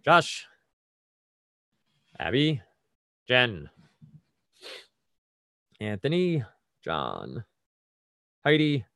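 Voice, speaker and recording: A man hosts a trivia game from home over a video call, walking players through the rules step by step before reading out clues. His voice is mid-pitched and sits close to the microphone with no room echo. He keeps a relaxed, conversational tone with friendly asides. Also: moderate pace. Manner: conversational, methodical, chatty asides. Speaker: trivia quiz host.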